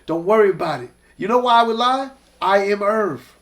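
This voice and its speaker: A fairly quick, high male voice belongs to a music executive from Hollis, Queens, New York. As a guest, he tells casual stories full of profanity, animatedly voicing the people who appear in them.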